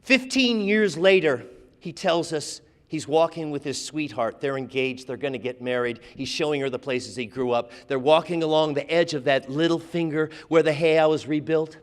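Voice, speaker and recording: A man telling a dramatic story at a live event, swinging from lively to hushed. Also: fairly high pitch, normal speed. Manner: animated, acts out voices, drops to hushed tones. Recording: live hall with long reverb.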